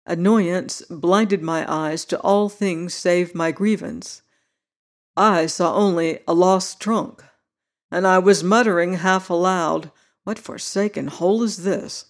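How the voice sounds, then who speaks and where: A narrator reads a classic novel aloud in a steady, measured way. The voice sits at a middle pitch, neither high nor low. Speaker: audiobook narrator.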